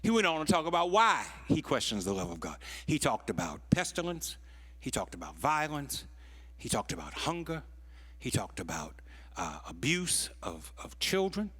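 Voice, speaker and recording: A man in his sixties preaching a storytelling sermon, dropping to hushed tones and then rising to loud peaks, drawing out key phrases slowly. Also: medium pitch, wildly swooping pitch, breathy edge. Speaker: pastor.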